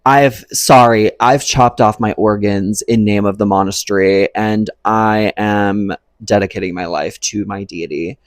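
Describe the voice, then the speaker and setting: A man's voice: fairly low pitch, steady tone, unhurried, hardly any pauses, dry recording. A young adult man vlogging a casual storytime, rambling and profane, full of "like" and "um".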